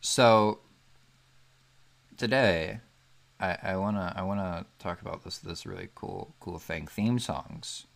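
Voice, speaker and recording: Low-voiced man hosting a casual chat. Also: slow, vocal fry, long pauses. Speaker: podcast host. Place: bedroom at home.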